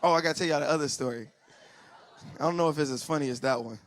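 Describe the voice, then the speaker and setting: A man doing stand-up comedy on a church stage, telling family stories and acting out relatives in loud, high voices. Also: fast. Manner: animated storyteller who acts out family members in loud high voices. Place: church stage before a live audience.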